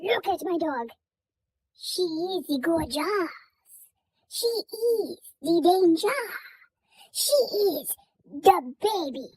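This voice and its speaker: A woman putting on a goofy, grandiose voice to proudly show off her dog, in slow, mock-dramatic phrases. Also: very high voice, animated, darkish tone, no echo, voice pushed up, heavily acted, poor audio. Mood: mock-grand.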